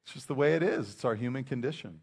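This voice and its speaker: A man's voice: medium pitch, lively intonation, fast talker, gravelly, a little mellow, husky. A man preaching a sermon in a casual, conversational way, often restarting his sentences. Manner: conversational preaching with frequent restarts and acted asides. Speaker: pastor.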